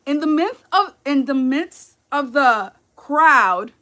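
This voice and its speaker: A woman's voice: sits high, animated, slow pace, bright, forceful tone. A woman in her thirties from New York with a New York accent, chatting casually with viewers on a livestream and telling stories. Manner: chatty, storytelling, addresses viewers as y'all. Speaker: livestream host.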